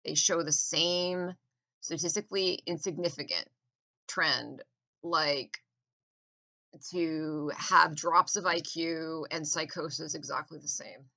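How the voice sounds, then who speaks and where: A woman's voice: deep voice, steady tone, slow, vocal fry, bright, forceful tone. A woman delivering a rambling, contemptuous monologue to camera, repeating herself and trailing off mid-thought. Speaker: vlogger. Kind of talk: ranting monologue.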